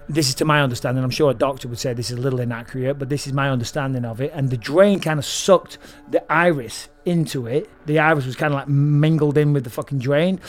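A man with an English accent telling a long story as a podcast guest, swearing freely and acting out the people in it. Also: fairly high pitch. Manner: profane, animated, acts out the people in his story. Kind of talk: casual storytelling.

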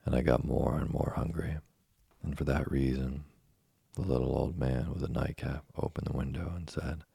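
A man's voice: very deep voice, steady tone, normal speed, vocal fry, dark tone, husky, no room sound, heavily acted. A man voicing a hungry, whiny wooden puppet boy in a storybook reading, complaining and petulant.

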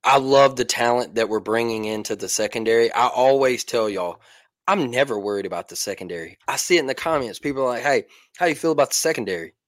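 A man co-hosting a casual sports talk podcast, hoarse with his voice mostly gone, talking excitedly and laughing often. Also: mid-range voice, fast talker, dry recording. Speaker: podcast co-host.

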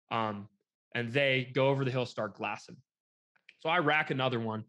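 Young adult man, mid-pitch, chatty podcast guest, animated storyteller who quotes people. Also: moderate pace. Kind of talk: casual storytelling chat.

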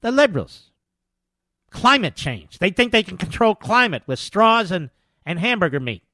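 An older man hosting a talk radio show, delivering a combative, sarcastic monologue that swings between loud jabs and quiet asides. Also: high voice, big pitch swings, normal speed, no echo, clean studio sound.

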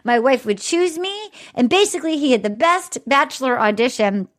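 A woman hosting a casual podcast recap, animated and acting out quotes in exaggerated voices. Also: high-pitched, normal speed. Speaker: podcast host.

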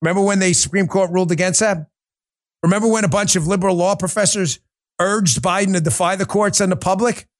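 A man's voice: high-pitched, steady tone, fast talker. A male talk show host doing political commentary, combative and sarcastic, firing rhetorical questions straight at his listeners.

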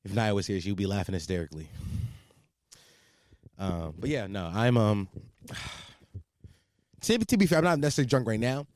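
A young man hosting his own podcast, talking in a loud, profane and rambling way from home at night. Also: on the low side, animated, normal speed, long pauses, no room sound, studio quality. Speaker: podcast host. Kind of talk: casual solo podcast chat.

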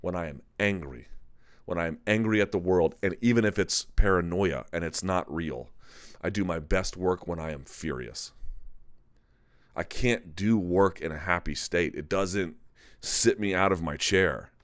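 A man's voice: sits low, a little slow, clean tone, no room sound, studio quality. A man hosting a live chat, talking candidly in a rambling, self-correcting way. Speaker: MMA live chat host. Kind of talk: casual live-stream commentary.

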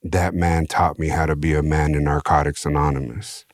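A middle-aged man with a Chicano English accent, a podcast guest telling his recovery story in streetwise slang, animated and slipping into other people's voices. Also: a bass voice, normal speed, dry recording, clean studio sound. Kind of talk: casual storytelling interview.

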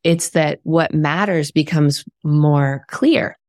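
Woman author guest, low voice, calm and earnest, dry close sound. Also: slow pace, no echo. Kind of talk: reflective interview talk.

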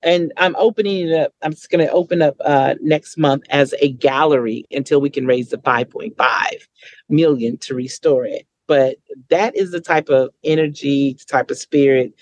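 A woman speaking as a podcast guest, telling stories in a lively way and acting out other people's voices. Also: normal speed, hardly any pauses, no room sound. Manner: lively, acts out quoted voices with big pitch jumps. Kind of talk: conversational storytelling.

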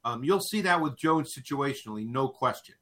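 A man's voice: mid-range voice, expressive, a little fast, fairly bright tone. A man who analyzes football in a casual talk, thoughtful, often repeating words as he starts a sentence.

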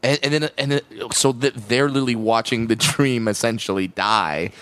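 A man's voice: medium pitch, fairly bright tone, clean tone. A man co-hosting a casual podcast, chiming in with short dry quips. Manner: quick interjections, dry quips. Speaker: podcast co-host.

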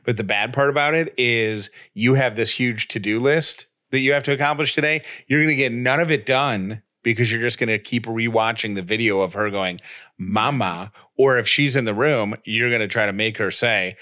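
A man's voice: medium pitch, fairly quick, hardly any pauses, pushed and bright. A man co-hosting a podcast, talking in a teasing, matter-of-fact way in casual chat. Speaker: podcast co-host.

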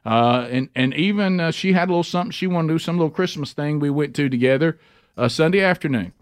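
Fast-talking male radio host. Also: a little high, clear, resonant tone, no echo, studio quality. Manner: rambling, self-interrupting storyteller. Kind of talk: casual talk radio storytelling. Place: radio studio.

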